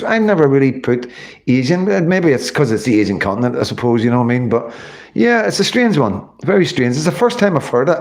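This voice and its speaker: A man's voice: mid-range voice, a little mellow. A middle-aged man with a Northern Irish accent, rambling and swearing on a casual livestream while reading viewer comments. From Northern Ireland. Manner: rambling, swears often, many fillers.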